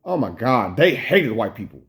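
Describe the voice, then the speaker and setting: A man's voice: mid-range voice, very animated, normal speed, creaky. An American man venting in a personal vlog, upset, rambling and swearing as he talks. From United States. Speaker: vlogger. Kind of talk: emotional personal vlog rant.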